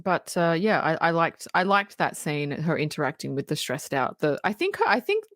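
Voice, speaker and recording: A woman's voice: sits low, sing-song, normal speed, no room sound, studio quality. A woman co-hosting a casual film review podcast, blunt and full of fillers and restarts. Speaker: podcast co-host.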